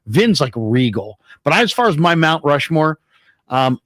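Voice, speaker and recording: A man's voice: a little high, big pitch swings, a little slow, fairly bright tone, dry recording. A man hosting sports talk radio, telling stories with enthusiasm and repeating names to drive his point home. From San Francisco.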